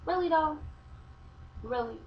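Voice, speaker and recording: A woman's voice: sits high, expressive, measured pace. A woman chatting in a casual vlog, heated and passionate as she argues her point. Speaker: vlogger. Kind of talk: casual opinion chat. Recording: dull lo-fi webcam sound with faint hiss.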